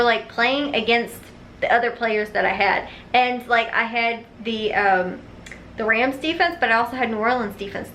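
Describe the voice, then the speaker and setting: Chatting to her camera indoors at home, this young vlogger laughs often and leans on "like" and "um." She sounds a bit high and somewhat bright, and the handheld camera picks up a faint hiss or hum.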